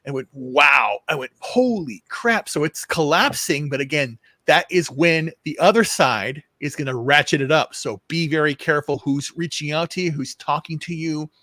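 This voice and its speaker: A man's voice: fairly high pitch, normal speed, few pauses, sharp tone, no echo, clean studio sound. A man hosting a casual political chat show, rambling with frequent restarts and repeated words, and swearing now and then. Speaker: show host.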